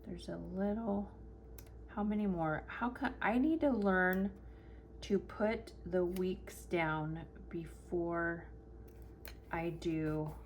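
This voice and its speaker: A middle-aged woman chatting casually at her home craft desk, telling an animated story and acting out what people said. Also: on the low side, slow pace, a little hiss or hum. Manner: animated, acts out quotes with laughter. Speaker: planner vlogger. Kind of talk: chatty storytelling while decorating a planner.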